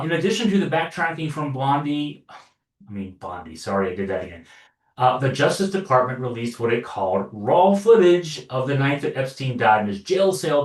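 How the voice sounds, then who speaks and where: A man giving sarcastic, loose political commentary with many fillers and restarts, recorded from a distance in an echoey room. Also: mid-range voice. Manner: sarcastic, wry asides. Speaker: online news commentator. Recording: roomy echo, distant from mic.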